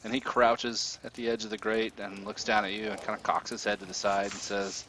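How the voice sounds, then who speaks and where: A man running a tabletop game as game master, narrating scenes in a relaxed, descriptive way. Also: lowish voice, a little fast, few pauses, slight background noise.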